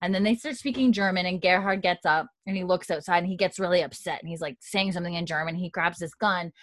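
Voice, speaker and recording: A young woman casually recapping a TV episode, laughing often and slipping into quick voices for the characters. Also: fairly low pitch, dry recording. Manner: animated, laughing, acts out characters' lines in quick put-on voices. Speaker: podcast host recapping a TV episode. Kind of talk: casual chat.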